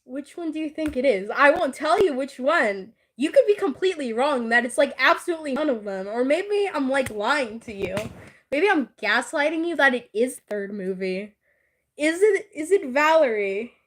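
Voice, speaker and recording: A woman's voice: sits high, animated, moderate pace, fairly bright tone. A woman in casual chat with a friend, giggling often, teasing and swearing casually.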